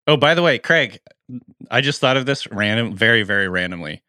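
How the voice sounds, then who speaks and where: A man co-hosting a casual podcast, trading jokes and walking through player stats with quick asides. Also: fairly low pitch, lively intonation, sharp tone, dry recording, clean studio sound. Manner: jokey, analytical, quick asides. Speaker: podcast co-host.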